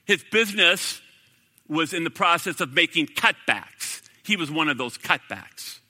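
High bright pastor preaching. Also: male voice, expressive, measured pace. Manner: swings from loud declaration to hushed near-whispered prayer. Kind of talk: sermon. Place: church sanctuary. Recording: echoey hall reverb.

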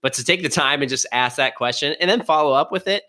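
A man's voice: a little high, fast talker, sharp tone. A young man hosting a casual interview, easygoing and laughing often as he asks questions. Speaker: podcast host.

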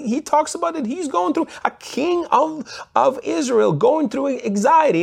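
Male preacher, husky tone, very animated pitch, scripture reading and commentary. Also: normal speed. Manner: reads scripture aloud and comments, pitch rising sharply when stirred. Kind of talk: sermon.

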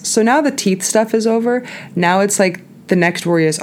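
A woman's voice: lowish voice, normal speed. A woman hosting a podcast, telling a story in a chatty, candid way, full of "like" and frequent laughs. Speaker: podcast host. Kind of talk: casual storytelling monologue.

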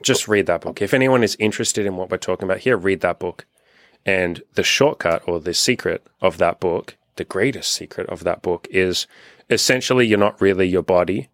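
A man's voice: low-pitched, no echo, clean studio sound. A young man hosting as a dating coach, talking casually and profanely and acting out the voices of people he quotes. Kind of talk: casual podcast conversation.

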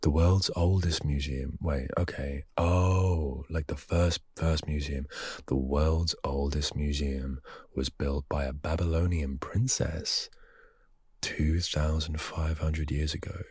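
A young man with a very low, husky voice chats on his own podcast, wandering into self-mocking asides as he reads. The sound is dry and close, with no room around it. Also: fairly even intonation, slow, a little mellow, no room sound. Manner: rambling, self-mocking asides while reading aloud. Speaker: podcast host. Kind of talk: casual solo podcast chat.

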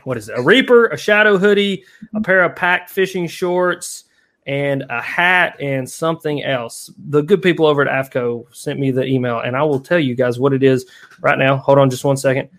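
Rambling, laughing live stream host. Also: male voice, mid-range voice, moderate pace. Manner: rambling, laughs often, animated storyteller. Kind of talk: casual chat.

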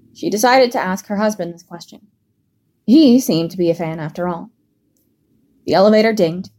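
A woman narrating a fan fiction story in a steady, measured read. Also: mid-range voice. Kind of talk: scripted narration.

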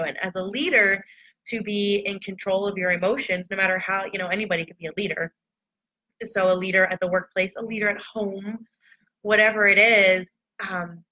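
A woman with a bright, forceful voice shares personal reflections in a candid, loose way. She talks casually to her followers, and the sound is dull and lo-fi. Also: mid-range voice. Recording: dull lo-fi recording.

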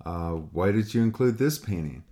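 A man with a low voice explains painting to a student over a call. He talks loosely and rambles, repeating words and acting out student replies in other voices. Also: lively intonation, normal speed, mellow. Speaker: painting teacher. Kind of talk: casual one-on-one critique talk.

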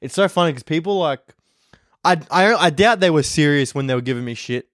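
A young Australian comedian tells rambling, profane stories in a casual podcast monologue from home. His voice is a little high, animated and fairly quick. The sound is clean studio quality with no echo.

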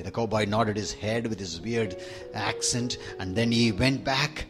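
A man's voice: fairly low pitch, unhurried, fairly bright tone, faint music behind. A man preaching a sermon in an emphatic, rhythmic storytelling manner.

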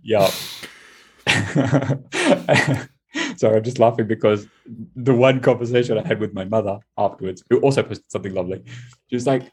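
A man with a low, husky voice chats in a relaxed podcast conversation. He talks in loose, quick bursts and breaks into laughter often. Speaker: coaching client, guest.

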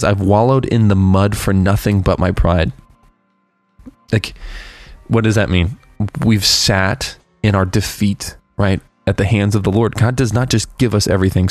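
Earnest low-voiced man preaching. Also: a little mellow, no echo. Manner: earnest, candid, halting with restarts. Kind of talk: devotional talk on a worship song. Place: outside a church.

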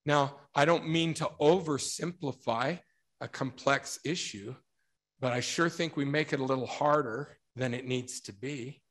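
A middle-aged man giving a religious talk, telling a story and acting out the quotes with lively emphasis. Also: mid-range voice, unhurried. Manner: storytelling, animated, acts out quotes. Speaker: speaker.

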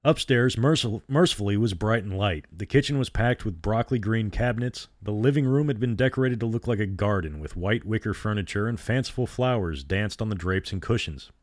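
A man narrating a horror story in a measured way, reading all the characters' lines himself. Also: on the low side, dry recording, clean studio sound.

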